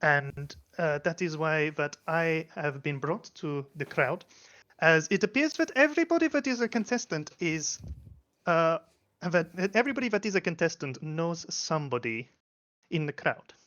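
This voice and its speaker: A man's voice: on the high side, expressive, normal speed, sharp tone. A man voicing a prim woman with a faint French touch, talking stiffly and hesitantly in a tabletop game. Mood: formal. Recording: lo-fi mic.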